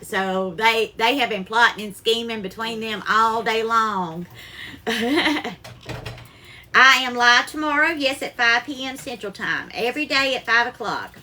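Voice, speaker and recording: A woman chats her way through a live cooking stream, her voice high and bright with a sharp edge. She greets viewers one by one by name and calls them darling while she cooks. It sounds picked up by a phone in a home kitchen. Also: unhurried, slight background noise.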